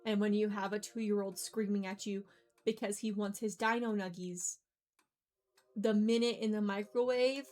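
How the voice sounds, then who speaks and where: A woman's voice: medium pitch, steady tone, normal speed, a little mellow. A young adult woman streaming games, chatting casually and rambling, with frequent laughs. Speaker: game streamer. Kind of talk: casual live-stream chat.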